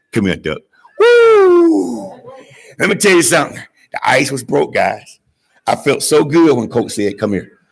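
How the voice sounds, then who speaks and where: A man from Georgia, giving a graduation speech and telling an animated story, calling out to the audience to join in. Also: fairly high pitch, creaky, slightly rough. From Georgia, USA. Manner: call-and-response with the audience, dramatic swings from hushed to shouting. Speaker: graduation guest speaker.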